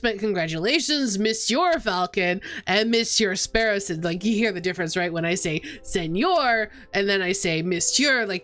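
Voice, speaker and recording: A woman's voice: medium pitch, a bit bright, lightly acted. A woman voicing a laid-back surfer-dude male fox who drawls and fills his talk with filler words. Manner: drawling, full of likes and dudes.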